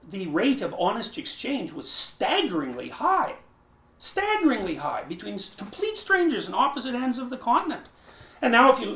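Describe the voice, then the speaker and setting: A man's voice: high voice, fairly bright tone. A man, an interview guest explaining his ideas with emphasis and frequent restarts. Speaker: interview guest, psychology professor. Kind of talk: thoughtful conversational explanation. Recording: roomy echo.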